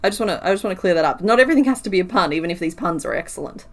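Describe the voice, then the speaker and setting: A woman's voice: on the low side, animated, rapid-fire. Chatty woman counting crochet stitches. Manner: chatty, counts stitches aloud, reads and answers chat. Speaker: crochet streamer. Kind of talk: casual livestream chat while crocheting.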